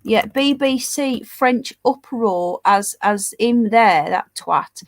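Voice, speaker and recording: A woman talks through a livestream in a fairly high, nasal, congested voice, clearly stuffed up with a cold. She reads headlines and viewer comments in a casual, mocking way, dropping sarcastic asides to her audience. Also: slow pace. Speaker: livestream news host. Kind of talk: casual livestream chat, reading headlines and live chat.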